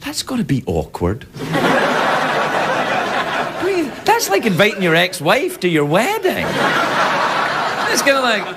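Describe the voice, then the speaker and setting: A man's voice: sits high, huge pitch swings, a little slow, pauses often, heavy background noise. A middle-aged Scottish man giving a rambling, playful comedic monologue as a late-night talk show host. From Scotland. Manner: rambling, self-interrupting, playful. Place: television studio with live audience.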